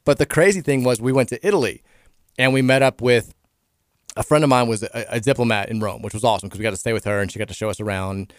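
A man in his thirties with a Kentucky accent, hosting a casual sports radio talk show, chatty and quick with frequent restarts. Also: medium pitch, dry recording.

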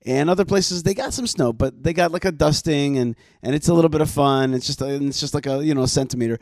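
A man's voice: a little high, fast, darkish tone, no echo. Chatty male talk show host. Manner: chatty, with frequent restarts and fillers. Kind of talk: casual co-hosted radio chat.

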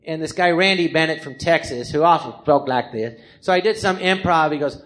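An animated American comedian in his fifties recounts his past on a live stage. His voice sits a little high, and he jumps into other voices whenever he quotes someone. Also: fairly quick, hardly any pauses. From Los Angeles, California. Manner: animated, acts out quoted people in different voices. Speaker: comedian telling his life story. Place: live theatre stage before an audience.

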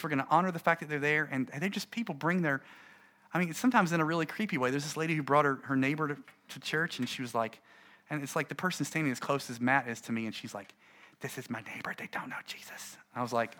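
A middle-aged man, a pastor, gives an animated, conversational talk to fellow preachers and acts out his stories. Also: fairly high pitch.

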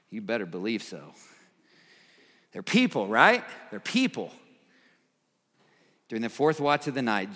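A man preaching a sermon, reading scripture and acting out its voices, swinging between emphatic highs and quiet, earnest lows. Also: long reverb tail.

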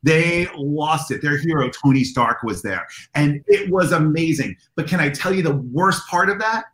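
Interviewed as a convention organizer, a man tells enthusiastic anecdotes and acts out the dialogue in an animated way. His voice is a little high and his pace moderate, but the audio is poor and the room sounds roomy.

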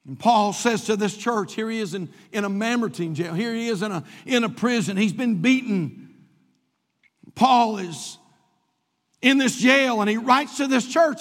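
A man's voice: sits high, measured pace. A man preaching a sermon as pastor, stretching out key words for emphasis. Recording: long reverb of a large hall.

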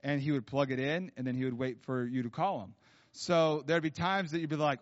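A man's voice: on the high side, a little fast. A man preaching a sermon in a casual, rambling storytelling way, full of fillers and restarts, in a church. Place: church hall. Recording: dull sound with long hall reverb.

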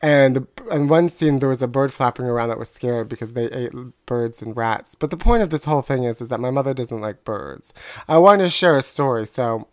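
A casual storyteller rambles through a family anecdote, laughing at their own punchlines. The voice sits in a middle pitch. It is recorded dry and close, with no room around it. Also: a little fast, dry recording. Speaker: podcast co-host telling a story.

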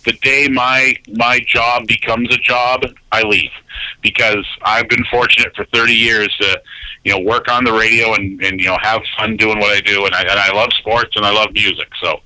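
Brief: man in his 50s, animated radio storyteller, piercing bright tone, dry close sound. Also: lowish voice, normal speed, no room sound, poor audio. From Canada. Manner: animated storyteller who acts out quoted voices. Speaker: radio announcer and guest. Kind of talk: casual storytelling interview.

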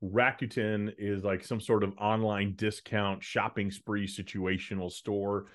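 A man's voice: fairly low pitch, level tone, unhurried. A man co-hosting a podcast, chatting casually and giving jokey, opinionated takes. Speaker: podcast co-host.

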